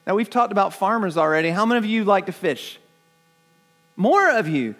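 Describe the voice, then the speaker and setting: A man preaches to his church in a strikingly high voice. He talks earnestly, stumbling over repeated words as he builds his points. He keeps turning to the congregation with questions. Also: lively intonation, brisk, fairly bright tone, soft background music. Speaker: pastor. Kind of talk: sermon.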